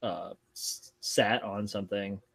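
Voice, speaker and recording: A man's voice: lowish voice, fairly even intonation, slow pace, a bit bright, husky, dry recording. Dry-sounding man, rambling casual chat. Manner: rambling, jokey, loose wording. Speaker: co-host. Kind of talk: casual chat on a live stream.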